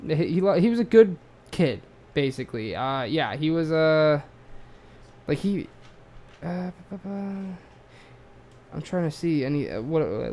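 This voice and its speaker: A man's voice: fairly high pitch, darkish tone. An Australian man telling a true-crime story in a loose, rambling way, full of swearing and fillers. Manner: rambling, profane, lots of fillers.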